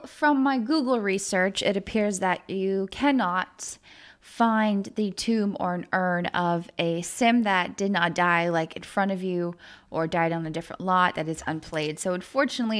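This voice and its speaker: A young woman casually commenting on a life-simulation game, chatty and emotional, talking to her characters and viewers. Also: medium pitch. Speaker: gaming video host. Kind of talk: casual let's-play commentary.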